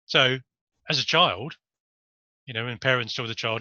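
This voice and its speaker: Chatty guy rambling about body language, very bright voice, dry dull lo-fi sound. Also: medium pitch, normal speed, pauses often, dry recording. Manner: rambling, chatty, jokey asides. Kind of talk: casual talk to camera.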